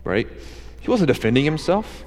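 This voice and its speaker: Earnest high-voiced male preacher. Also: big pitch swings, moderate pace, darkish tone, in a large hall. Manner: earnest, conversational preaching with rhetorical questions. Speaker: pastor. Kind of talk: sermon.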